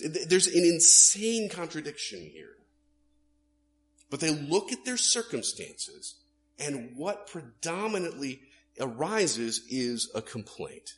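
A male pastor preaching a sermon, animated, swinging between loud emphasis and hushed asides. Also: fairly high pitch, slow pace.

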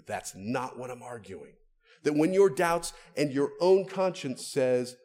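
A man preaching a sermon, moving between quiet, low asides and raised, stressed phrases for emphasis. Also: expressive, normal speed.

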